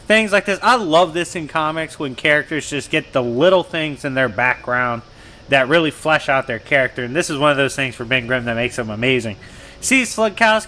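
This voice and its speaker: Male host recapping comics in loose slang, bright edgy tone, a touch higher pitched. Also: normal speed, slight background noise. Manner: slangy, animated retelling of dialogue. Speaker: comic book channel host.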